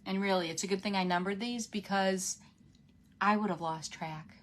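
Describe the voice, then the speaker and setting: A woman's voice: mid-range voice, fairly even intonation, normal speed, a little hiss or hum. A woman with a runny nose, hosting a casual craft livestream, chatting with viewers as she works and laughing often.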